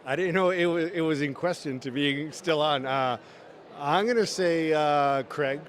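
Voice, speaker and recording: A man gives halting answers with a few dry jokes in a casual on-the-spot interview outdoors. His voice sits a little higher than most men's, and he often restarts his sentences. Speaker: interviewee at the event.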